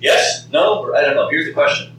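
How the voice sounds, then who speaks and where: A man's voice: fairly high pitch, brisk, a bit bright, a little hiss or hum. A man giving a live teaching talk to a group, talking conversationally, often repeating words and putting questions to the audience. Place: meeting room with an audience. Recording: very echoey room from far off.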